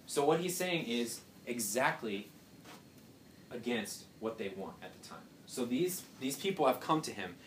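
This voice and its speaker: This young man speaks a little slowly, his mid-range voice rising and falling in a lively way, as he teaches a relaxed Bible lesson with rhetorical questions and joking asides. The recording sounds roomy and distant, with faint background noise.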